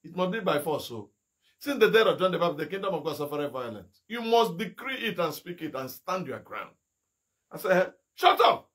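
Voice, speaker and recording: A middle-aged man from Nigeria preaching a fiery sermon as an evangelist, firing rhetorical questions and bursting into shouted rebukes. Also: fairly high pitch.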